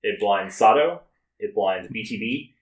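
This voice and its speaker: A man narrating as game master in a relaxed, chatty way, with filler words. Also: lowish voice, a little slow, slight background noise. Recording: echoey room.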